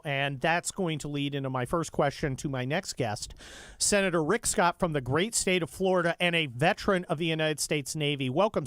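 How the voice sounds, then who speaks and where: A middle-aged man hosting talk radio in a heated, fervent way, often stumbling and restarting mid-sentence. His voice sits somewhat high for a man and sounds close and dry, with no room around it. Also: a bit bright, smooth, dry recording. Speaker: guest radio host.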